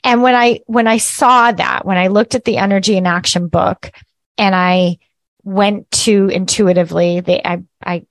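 A woman hosting a casual spiritual teaching talk, chatty and lively, laughing at herself and often checking in with "right?". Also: medium pitch, normal speed, dry recording.

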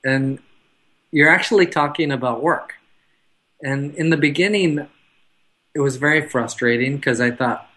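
A man speaking as a guest in an interview, talking about his business in a measured, reflective way. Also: medium pitch, a bit bright, poor audio. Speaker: guest, car business owner. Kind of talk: conversational interview.

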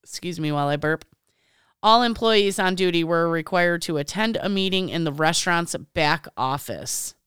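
Low-voiced woman, blunt and offhand. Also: normal speed, a bit bright, smooth, no room sound, studio quality. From Illinois, US. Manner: blunt, offhand reader who adds wisecracks. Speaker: podcast co-host. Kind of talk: casual chat, reading a story aloud.

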